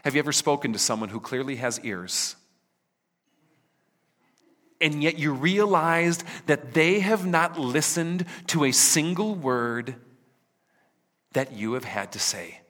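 A man preaching a sermon, asking the listeners rhetorical questions and voicing God's words dramatically, at times sinking to a hush. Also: fairly high pitch, animated, slow, long pauses. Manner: rhetorical questions, dramatic voicing of God, drops to hushed near-whispers. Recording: reverberant hall.

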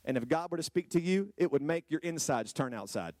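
A man preaching a sermon to a congregation, firing rhetorical questions and swinging from low, quiet lines to high, drawn-out exclamations. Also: animated, dry recording. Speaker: pastor. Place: church hall with a congregation.

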